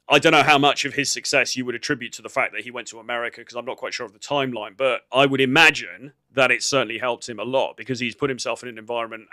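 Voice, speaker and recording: Bright, crisp man giving dating advice. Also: mid-range voice, no echo. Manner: conversational and coaching, many "you know" fillers. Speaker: host of a dating advice channel. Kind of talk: reaction commentary on a clip.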